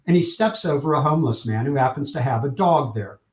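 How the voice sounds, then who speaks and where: A man guest on an interview show, telling a story with energy. He acts out the quoted lines with lively shifts in tone, in a mid-range voice. The room gives his voice a noticeable echo. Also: medium pitch, a little fast. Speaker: publicist, podcast guest.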